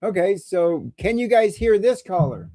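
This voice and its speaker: A man's voice: high-pitched, lively intonation, moderate pace, mellow, dry recording. A man hosting a live call-in show, chatting casually and rambling with crude jokes while he struggles with technical problems. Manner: rambling and crude, joking through technical trouble. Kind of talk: casual livestream chat.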